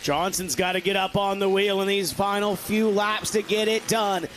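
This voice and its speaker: High-pitched race commentator, noisy track. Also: male voice, moderate pace. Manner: builds excitement on the calls.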